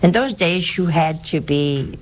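A woman's voice: on the low side, measured pace, a little hiss or hum. An older woman, a nun, telling personal stories in a rambling, anecdotal way with frequent restarts. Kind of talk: personal storytelling.

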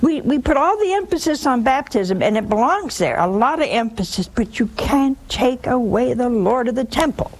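A woman's voice: fairly high pitch, lively intonation, moderate pace, few pauses. A woman hosting a religious call-in show, preaching emphatically and repeating key words for force. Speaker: religious TV host taking calls.

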